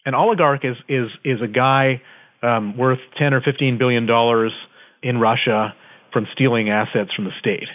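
A man's voice: medium pitch, fairly even intonation, moderate pace. A man, an interview guest, telling his story vividly and dramatically from his office over the phone. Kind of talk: conversational storytelling. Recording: tinny phone line.

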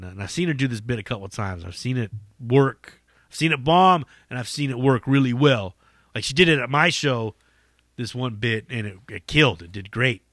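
Bright-voiced cursing comic telling stories. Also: male voice, mid-range voice, dry recording, studio quality. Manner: profane, rambling, laughs at own stories. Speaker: podcast host and stand-up comic. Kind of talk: casual storytelling monologue.

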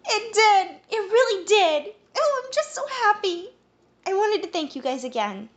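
A woman voicing a bubbly, motherly woman who gushes with excitement in an audiobook. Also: a little slow, full character voice. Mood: overjoyed. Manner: gushing, high and breathless.

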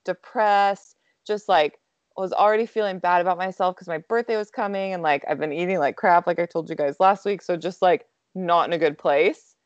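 Young woman, chatty storyteller, lowish voice, dry muffled recording. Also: steady tone, normal speed, smooth, no echo. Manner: chatty, lots of "like" fillers, laughs often. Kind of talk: casual storytelling chat.

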